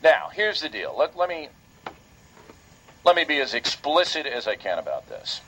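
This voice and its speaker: A man's voice: a little high, very animated, normal speed, a bit bright, a little hiss or hum. A man hosting a talk radio show, delivering a heated, indignant monologue that repeats points for emphasis. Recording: lo-fi radio broadcast.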